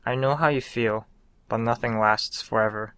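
A man voicing a caring mother who gently comforts her teenage son. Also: mid-range voice, moderate pace, smooth, dry recording, close to an everyday voice.

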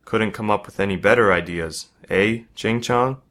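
A man reading a story aloud, voicing a crude, mocking schoolboy bully in his own low voice. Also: normal speed, a bit bright, lightly acted. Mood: taunting. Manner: taunting, crude.

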